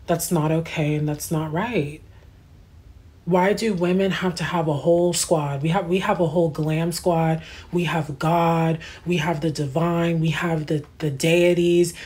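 A woman hosts a casual livestream with a slightly low voice. She talks in slangy, animated bursts and breaks off to answer chat comments. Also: a little slow. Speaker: livestream host.

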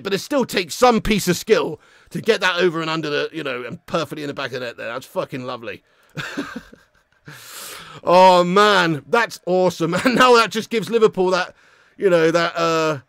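A man hosting a live football watch-along, commentating as an excitable, swearing fan. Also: sits high, creaky, dry recording.

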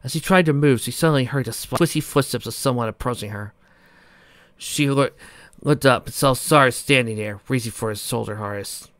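A man reading a novel aloud as narrator, plain and steady, with small stumbles. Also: medium pitch, brisk, no room sound. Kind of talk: amateur audiobook reading.

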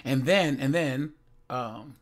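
A man casually rambling in reaction commentary, speaking slowly and often calling his viewers "guys" and "man". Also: mid-range voice.

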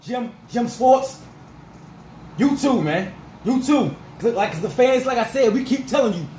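A man ranting as a sports fan vlogger, fired up and repetitive, his voice going rough. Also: very high-pitched, animated, a little slow, a little mellow, roomy sound, a little hiss or hum, poor audio. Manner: fired-up, repetitive, peppered with 'freaking' and 'dog'.

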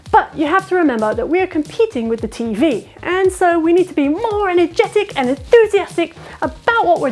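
Lively high-voiced woman teacher. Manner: upbeat, direct, practical. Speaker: ESL teacher. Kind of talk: instructional video narration.

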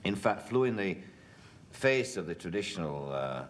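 A man interviewing a guest on television, asking measured, long-winded questions. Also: low voice, very animated. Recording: faint background noise, 1970s television interview.

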